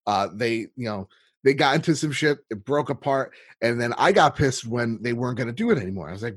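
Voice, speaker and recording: A man chatting on a podcast about his own gaming show. His voice is a bit husky, and the recording is dry and close. He talks in an animated way, swears casually and laughs easily. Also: medium pitch, a little fast, no echo. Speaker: guest, gaming podcast host.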